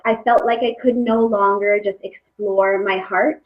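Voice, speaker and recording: A woman in her thirties hosting a live webinar, talking casually with many pauses and fillers. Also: medium pitch, steady tone. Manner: warm, hesitant with many fillers. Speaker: webinar host, coach. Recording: dull lo-fi webinar audio.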